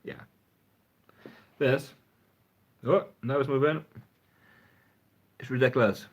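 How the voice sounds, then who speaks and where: A man's voice: medium pitch, steady tone, slow pace. Rambling man on a livestream. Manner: rambling, frank, swears casually. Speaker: fragrance reviewer. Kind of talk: casual livestream chat. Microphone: phone front camera.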